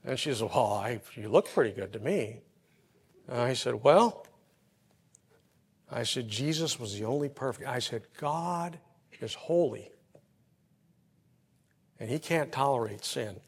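A man preaching a sermon, telling everyday stories and swinging from soft, quiet passages to loud, emphatic peaks. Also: medium pitch, unhurried, long pauses, breathy edge. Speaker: pastor. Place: church. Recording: long hall reverb.

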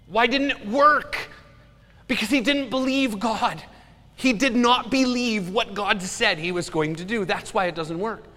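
A man's voice: high-pitched, a little slow, sharp tone, in a large hall. A man preaching a sermon as a pastor, earnest and emphatic.

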